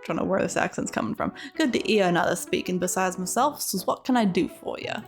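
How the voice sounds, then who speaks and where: A woman putting on a talkative old hermit man from a video game, who rambles on happily in broken, folksy grammar. His voice sits at a middling pitch for a woman, with faint game music underneath. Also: normal speed, darkish tone, close to an everyday voice. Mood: cheery rambling. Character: chatty old male cave hermit.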